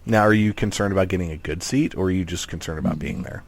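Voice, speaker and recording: Deep-voiced chatty podcast host. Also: male voice, fast talker, creaky. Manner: rambling, animated, many restarts. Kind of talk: casual chat.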